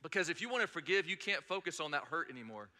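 A man's voice: a little high, lively intonation, fast talker, sharp tone. A man from North Georgia preaching a sermon, telling stories conversationally with frequent fillers. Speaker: pastor. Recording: long reverb in a large hall.

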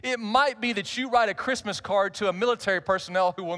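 A man's voice: sits high, quick pace, hardly any pauses, fairly bright tone. A middle-aged male pastor, telling a humorous personal story in a conversational sermon.

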